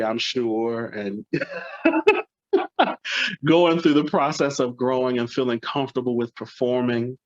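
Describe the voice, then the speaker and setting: A man's voice: medium pitch, no room sound. A man from Alabama, a poet, speaking earnestly and gratefully to his audience before reading his poems. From Alabama, USA. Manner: earnest, heartfelt, softly grateful. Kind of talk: spoken remarks at a live poetry reading. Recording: dry, slightly muffled lo-fi recording.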